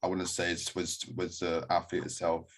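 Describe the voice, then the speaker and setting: A man hosting a casual interview, chatty, often trailing off softly at the end of a thought. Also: deep voice, monotone, normal speed. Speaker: interviewer, weightlifting journalist.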